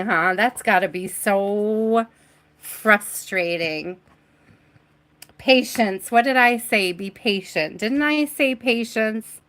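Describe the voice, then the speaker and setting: Slow, giggly woman reading tarot live. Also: on the high side, a bit bright. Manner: chatty, giggly, talks to viewers and spirit. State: has the hiccups. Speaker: tarot reader. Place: home reading space.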